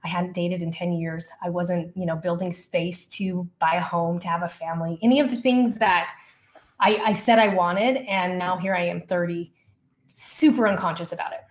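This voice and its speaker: Woman telling a lively personal story. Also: on the low side, normal speed. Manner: lively personal storytelling, acts out her own past dialogue; casual, frequent fillers such as "like" and "you know". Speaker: podcast guest, leadership coach. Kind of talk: storytelling in a podcast interview.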